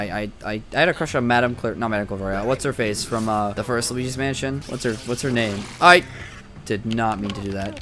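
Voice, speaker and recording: A young adult man giving excitable, profane, joking let's play commentary as a gaming YouTuber. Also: medium pitch.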